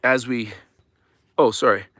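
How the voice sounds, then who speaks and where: A middle-aged man, hosting a spiritual livestream from his phone. He swings between mumbled casual chatter and fervent shouted invocations. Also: mid-range voice, steady tone, a little slow, no room sound. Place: by his truck in a cold underground space at night.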